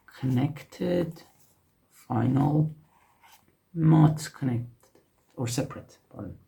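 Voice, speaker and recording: Slow gravelly man teaching letters. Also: mid-range voice, dark tone. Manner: slow, patient explaining with frequent self-corrections. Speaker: language teacher. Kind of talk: casual teaching while writing on a board.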